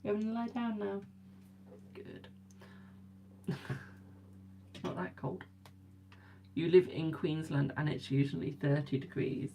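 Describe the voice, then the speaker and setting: A woman's voice: deep voice, lively intonation, takes it slowly, creaky, long pauses, mellow, a little hiss or hum. A young English woman hosting a live tarot stream, chatting casually and teasing her viewers as she reads their comments. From England.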